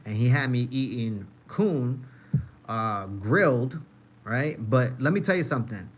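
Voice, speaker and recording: A man's voice: mid-range voice, animated, a little slow, breathy edge. Slangy young man telling stories on stream. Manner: loose storytelling, answering chat, slangy and profane. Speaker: livestream host. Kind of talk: casual livestream chat.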